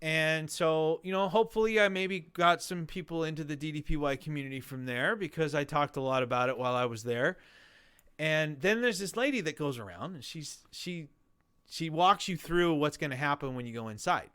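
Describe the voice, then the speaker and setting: Lively man telling a story. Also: a little high, moderate pace, clear, resonant tone. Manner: animated storyteller, acts out voices in quotes. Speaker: guest telling his weight-loss story. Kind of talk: casual storytelling interview.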